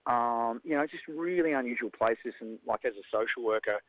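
An Australian man who coaches jiu-jitsu, talking in a lively, casual way and acting out the voices of people in his stories. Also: mid-range voice, moderate pace, no room sound, narrow, tinny audio. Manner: animated storyteller, acts out quoted voices. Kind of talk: casual conversation.

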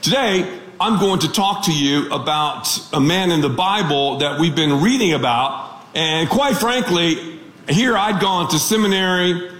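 Man, pastor, animated joking sermon, high lively voice, echoey room. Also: measured pace, faint music behind. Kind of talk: radio sermon.

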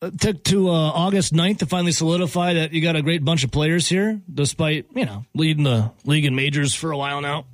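A man's voice: on the high side, a little fast, hardly any pauses, dry recording. A man hosting a sports talk radio show, joking and bantering with callers. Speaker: radio host.

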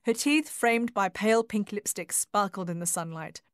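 Dry, measured woman narrator. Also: medium pitch, clean tone, no room sound. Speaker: audiobook narrator. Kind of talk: scripted narration.

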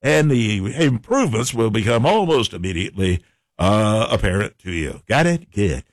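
A man's voice: lowish voice, moderate pace, dry recording, studio quality. A man hosting a casual radio morning show, joking and rambling while he has the hiccups. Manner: jokey, rambling, animated.

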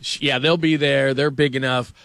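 A man's voice: mid-range voice, fairly even intonation, normal speed, creaky, fairly bright tone, no echo. A man hosting sports talk radio, telling a story in a rambling, casual way, laughing often and filling with "like".

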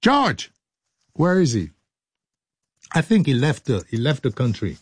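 A man's voice: mid-range voice, very animated, a little slow, slightly rough, no echo. An older man hosting a radio show, clowning through studio outtakes in a playful, joking way. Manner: playful, clowning, breaks into silly singing and laughs.

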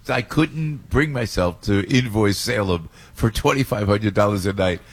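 A man's voice: on the low side, moderate pace, slight background noise. A man hosting a morning radio talk show, telling stories animatedly and laughing often.

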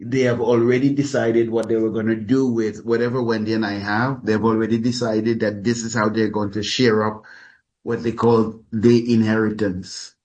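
A man preaching a sermon as a pastor, speaking deliberately and calling his listeners beloved. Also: on the low side, level tone, a little mellow.

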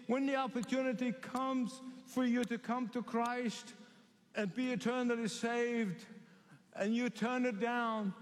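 A man from the Middle East preaching a sermon, emphatic and repetitive, stretching key phrases slowly. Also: very high voice, big-room sound.

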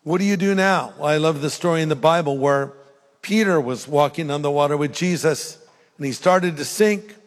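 A man's voice: fairly high pitch, normal speed. An older man preaching an earnest sermon as pastor, rising to fervent emphasis. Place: large church hall. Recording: long hall reverb.

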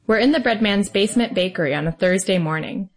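A woman radio reporter narrating a feature in a plain, clear way. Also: mid-range voice, fast talker. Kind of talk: scripted narration.

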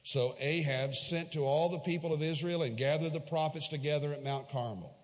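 A man with a slightly high voice preaches a sermon, telling a Bible story with rising emphatic peaks and dropping into quiet, low asides. His voice carries a long reverb, as if it fills a large church sanctuary. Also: a little fast. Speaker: pastor.

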